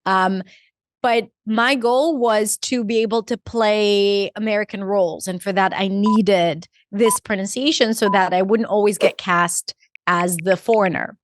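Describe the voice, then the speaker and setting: Woman guest from Israel, English teacher, deliberate and articulate, dry close sound. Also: medium pitch, steady tone, no echo. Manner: articulate, deliberate, stretches key words. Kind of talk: podcast interview answer.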